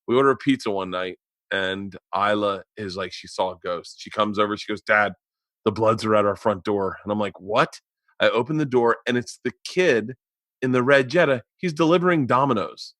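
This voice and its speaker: A man in his forties hosting a podcast, telling an animated story in casual chat with plenty of swearing. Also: lowish voice, moderate pace, no room sound, studio quality. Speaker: podcast host.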